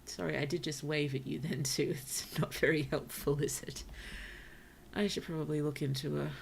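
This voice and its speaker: A woman streamer chatting casually through a cozy game, talking to her villagers and often dropping to soft whispers. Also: low-pitched, steady tone, moderate pace, gravelly, a little hiss or hum. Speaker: VTuber streamer. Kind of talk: casual gameplay commentary.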